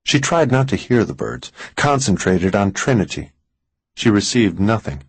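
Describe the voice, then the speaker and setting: A man reading a thriller audiobook in an even, deliberate scripted narration. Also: fairly low pitch, breathy edge, no echo, poor audio.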